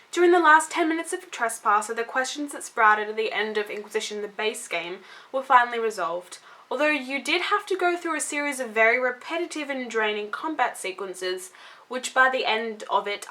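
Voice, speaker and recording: Bright-voiced young woman reviewing a game. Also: on the high side. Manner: gushing, blunt, animated, swears casually. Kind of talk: video game review vlog.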